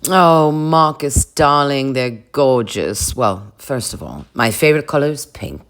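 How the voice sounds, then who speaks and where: A man's voice: medium pitch, lively intonation, a little slow, a bit bright, voice pushed up. A man voicing a posh older woman who drawls condescending endearments. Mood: doting.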